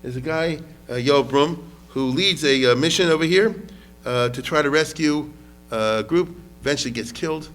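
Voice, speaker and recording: A man's voice: on the high side, normal speed, a bit bright, faint music behind. A man lecturing on history as a rabbi, talking casually, often asking the audience questions and mixing in Hebrew words.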